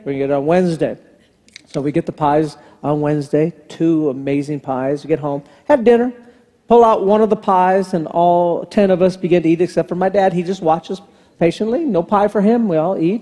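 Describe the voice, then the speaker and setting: A man's voice: a little high, a little fast, warm tone. A man in his fifties preaching a sermon as pastor, telling a family story and acting out the dialogue. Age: 50s. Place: large church hall. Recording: long hall reverb from the sanctuary.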